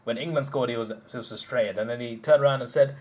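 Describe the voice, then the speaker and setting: A young man hosting a live stream, telling stories in animated casual chat with restarts and bursts of laughter. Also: mid-range voice, quick pace. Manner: animated storytelling, mimicking others, frequent laughs and restarts.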